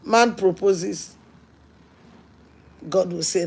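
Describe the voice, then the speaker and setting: Gravelly husky woman preaching. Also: mid-range voice, expressive, a little slow. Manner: earnest storytelling preacher, swings between hushed and emphatic. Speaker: pastor. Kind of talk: sermon.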